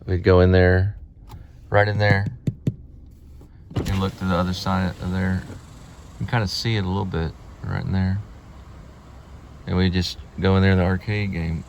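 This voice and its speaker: Deep-voiced guy vlogging from his car, wanders off mid-thought, faint road hiss. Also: little pitch movement, normal speed, gravelly, long pauses. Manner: meandering, reminiscing, trailing off. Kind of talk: rambling driving vlog.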